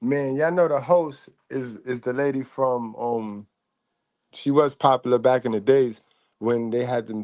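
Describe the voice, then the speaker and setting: A man's voice: medium pitch, dark tone, dry recording. A man, giving casual, teasing reaction commentary on an interview clip. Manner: joking, teasing, slangy.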